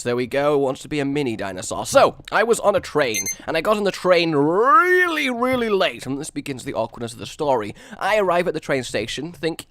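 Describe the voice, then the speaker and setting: Excitable man rambling through a game story. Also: medium pitch, dry recording. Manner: excitable, rambling, self-mocking. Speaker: gaming video host. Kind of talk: storytelling while building in a game.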